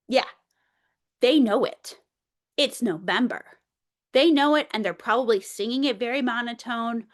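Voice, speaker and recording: A woman presenting an early childhood workshop, playful and animated, talking straight to the group like a teacher. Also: high-pitched.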